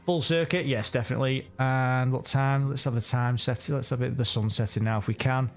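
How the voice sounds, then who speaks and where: Commenting live on a racing game, this sim racing streamer chats casually, rambles and often corrects himself. He has a medium-pitched voice, a steady tone and a slightly fast pace, with faint music in the background.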